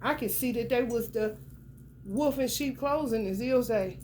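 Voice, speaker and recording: A woman's voice: on the high side, normal speed, darkish tone, slight background noise. Blunt, cussing woman reading tarot. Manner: blunt, profane and emphatic, talks straight to the viewer. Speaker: tarot reader. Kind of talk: casual tarot reading monologue.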